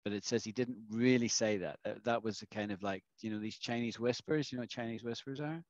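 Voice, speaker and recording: A man's voice: mid-range voice, fairly quick, a little mellow, dry recording. A man teaching English in a classroom, explaining patiently and often checking understanding with the students. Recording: dull lo-fi dry recording.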